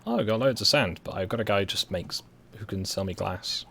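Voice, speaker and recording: A man's voice: fairly low pitch, lively intonation, a little fast, vocal fry, pushed and bright, a little hiss or hum. A young man with a West Midlands accent giving rambling, dryly self-mocking commentary while he plays a game. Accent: West Midlands English. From West Midlands, England. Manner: rambling, dry self-mocking humor, thinking aloud. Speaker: streamer playing a game. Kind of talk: casual gameplay commentary.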